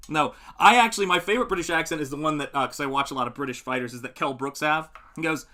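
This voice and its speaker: Talking fast with hardly any pauses, a middle-aged man hosts a live painting stream in a fairly high, bright, forceful, animated voice. He chats in a friendly, rambling manner, fielding viewer comments and laughing frequently as he paints.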